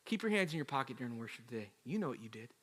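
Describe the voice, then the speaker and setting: A man voicing the enemy as a quiet, accusing inner voice. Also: medium pitch, big pitch swings, rapid-fire, pitched below the performer's own voice. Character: whispering accusing tempter, the enemy.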